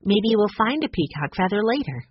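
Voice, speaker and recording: A woman voicing a gentle, soft-spoken girl in a storybook reading. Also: mid-range voice, sing-song, moderate pace, breathy edge, no echo, highs cut off. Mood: reassuring.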